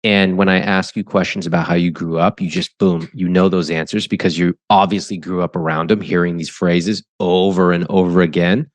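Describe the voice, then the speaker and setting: Low-pitched guy host firing off direct questions, dry close mic, no room sound. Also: flat delivery, no echo. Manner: direct, quick questions with affirming asides. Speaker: podcast host, money coach. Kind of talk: probing interview with a couple.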